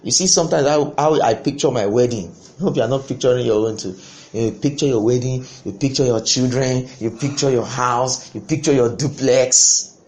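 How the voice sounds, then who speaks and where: A man preaching a sermon, impassioned, breaking into sudden loud bursts. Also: medium pitch, normal speed.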